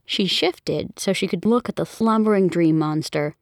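A woman narrating a children's story in an expressive, storytelling manner, on a close studio mic. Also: lowish voice, moderate pace, no room sound. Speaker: audiobook narrator.

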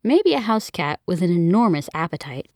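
Brief: woman narrator, animated storybook read, very dry close mic. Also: lowish voice, moderate pace, no room sound. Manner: expressive, even storytelling. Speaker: audiobook narrator.

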